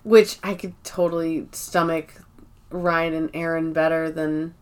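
A woman co-hosting a podcast, recapping episodes in casual, animated chat and acting out lines. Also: deep voice, smooth. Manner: quick, animated storytelling with acted-out quotes. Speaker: podcast co-host.

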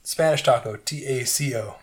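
Give me a young man co-hosting a loose, boozy podcast. He explains things like a playful lecturer and trades swearing banter with his friends, and his voice sits at an everyday pitch for a man. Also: normal speed, slightly rough. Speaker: podcast co-host. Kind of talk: casual chat.

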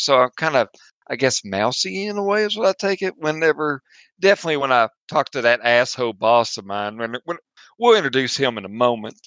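A man's voice: medium pitch, pushed and bright, no echo. A man hosting and playing in a tabletop game, rambling casually and making self-mocking jokes. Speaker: player.

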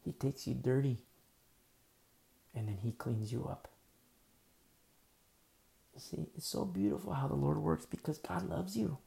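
Gravelly, deep-toned male preacher. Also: a little slow, long pauses, warm tone. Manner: vivid storytelling, conversational with many fillers; acts out dialogue of biblical scenes. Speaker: pastor. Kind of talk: sermon.

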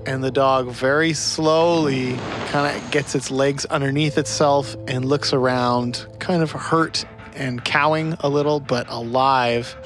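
A man narrating scenes as game master of a tabletop game, in steady, descriptive storytelling. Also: medium pitch, unhurried, music in the background.

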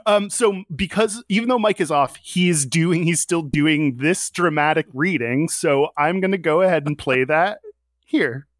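A man's voice: fairly high pitch, unhurried, no echo, clean studio sound. A man hosting a casual podcast, chatting and laughing, often restarting his sentences. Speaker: podcast host.

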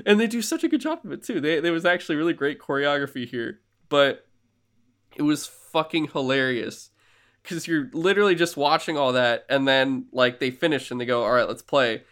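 Excitable guy rambling through a movie recap. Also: fairly high pitch, fairly quick. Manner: excitable rambling recap, swears, lots of fillers. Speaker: podcast co-host. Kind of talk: casual podcast chat.

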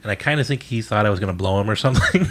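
Man, lowish voice, casual storytelling, blunt and profane. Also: racing, a bit bright. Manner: blunt, profane, laid-back. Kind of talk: casual chat.

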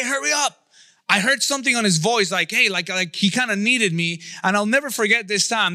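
A man's voice: high-pitched, bright, forceful tone, no echo, clean studio sound. A man in his thirties giving a conversational sermon, often checking in with his listeners. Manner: conversational preaching, asks the audience. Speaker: pastor.

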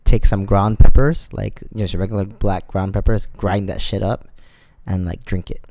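A man's voice: fairly low pitch, flat delivery, normal speed, dark tone, no room sound. A man co-hosting a casual podcast, talking in a laid-back, offhand way with some swearing. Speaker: podcast co-host. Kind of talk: casual chat.

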